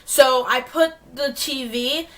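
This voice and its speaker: A woman's voice: sits high, slow, a bit bright. A young adult woman vlogging, telling a long story casually and filling her talk with "like". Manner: rambling, heavy use of "like" fillers.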